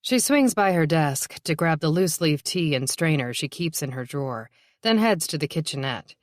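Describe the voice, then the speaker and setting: A woman narrating a novel in a measured, even reading. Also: deep voice, no echo, clean studio sound. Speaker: audiobook narrator. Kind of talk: scripted narration.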